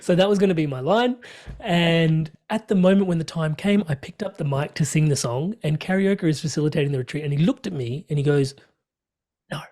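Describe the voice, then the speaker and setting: A man, a podcast guest, telling a personal story in conversation, animated and laughing often. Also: fairly high pitch, brisk. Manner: animated, laughs often, acts out quoted dialogue.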